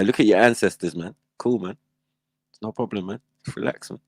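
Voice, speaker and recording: A man's voice: low voice, brisk, long pauses, a little mellow, dry recording. A man hosting a livestream, reacting in casual, slangy commentary and laughing often. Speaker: livestream host.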